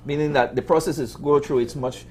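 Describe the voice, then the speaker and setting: A man's voice: on the high side, fairly even intonation, fairly quick, a little mellow. A Belizean man cooking on a TV show, chatting casually with many fillers and repeats. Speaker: cook.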